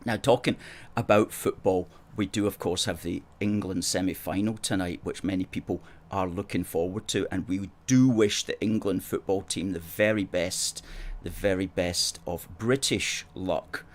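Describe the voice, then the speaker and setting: A man hosts a live stream in a somewhat low voice, reading viewer comments aloud. He pushes each point with emphatic repetition and an opinionated edge. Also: fairly even intonation, moderate pace. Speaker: host. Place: studio in Glasgow.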